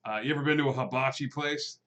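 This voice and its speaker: A man voicing a big, gregarious older man who owns a diner and talks in a loud, hearty way. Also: fast, lightly acted. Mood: boastful. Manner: loud, hearty and booming welcome.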